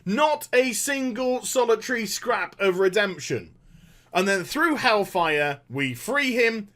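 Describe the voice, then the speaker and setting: A man's voice: high-pitched, animated, takes it slowly, sharp tone. A man, sarcastically ranting about a game story, swearing freely and mocking characters. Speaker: gaming commentator. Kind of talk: animated opinion rant.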